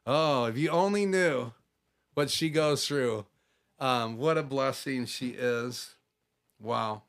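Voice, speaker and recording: A man's voice: mid-range voice, slow, fairly bright tone, clear, resonant tone. A man hosting a casual live stream from his home office, chatting and answering viewer comments as they come in.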